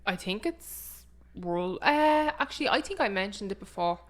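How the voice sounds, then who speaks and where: A young woman co-hosting a podcast, talking in an animated, blunt way with crude jokes. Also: medium pitch, moderate pace. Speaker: podcast co-host. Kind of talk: casual chat.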